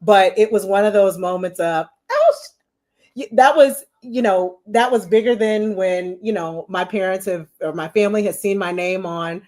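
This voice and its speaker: A woman's voice: medium pitch, normal speed, few pauses. A woman in her forties, a marketing executive telling stories as a podcast guest, chatty and full of "you know". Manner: chatty, animated, many "you know" fillers. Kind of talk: casual storytelling interview.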